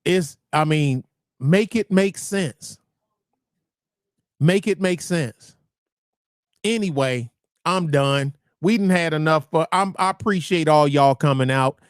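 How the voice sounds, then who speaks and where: Blunt, rambling livestream host, dry sound. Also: male voice, on the high side, slow pace, pauses often, smooth, no echo. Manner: blunt, profane, repeats and restarts phrases.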